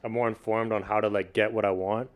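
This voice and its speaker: Male guest, low-pitched, fast and loose delivery, relaxed slang-heavy chat. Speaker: podcast guest, video producer and beatmaker. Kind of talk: casual chat.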